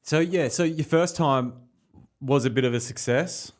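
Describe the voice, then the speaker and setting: A man hosting a casual podcast interview, relaxed, asking short questions and giving brief agreeing replies. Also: mid-range voice, unhurried. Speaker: podcast host.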